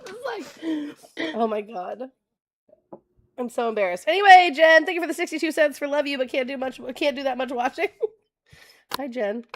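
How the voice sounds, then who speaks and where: Brief: young woman streamer, chatty and giggly, a touch high-pitched, thanks chat by name and reads pages aloud. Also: a little hiss or hum. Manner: chatty, laughs often, thanks viewers by name. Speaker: political livestream host. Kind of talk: casual livestream chat.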